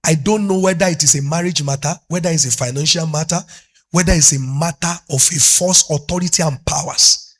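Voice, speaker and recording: A man's voice: a little high, fairly quick. A middle-aged Nigerian man preaching a fervent sermon as a pastor, moving between English and Yoruba.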